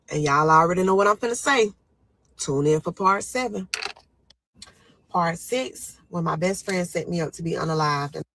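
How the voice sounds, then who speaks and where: A woman's voice: on the low side, normal speed, fairly bright tone, slight background noise, poor audio. A young woman recounting her own story to listeners, dramatic and vivid, acting out her panicked pleas in a raised voice. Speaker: storyteller guest. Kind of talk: emotional first-person storytelling.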